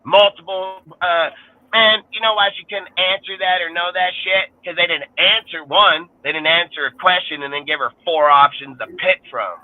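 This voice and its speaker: A man's voice: high voice, fairly even intonation, normal speed. A man in his thirties hosting a sports podcast, ranting in a profane, heated and rambling way. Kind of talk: ranting casual talk. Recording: tinny phone-like sound.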